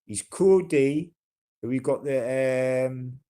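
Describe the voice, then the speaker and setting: A man's voice: medium pitch, slow, mellow. A man with a broad Geordie accent chatting casually on a livestream, blunt and sweary, rambling with fillers and restarts. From North East England.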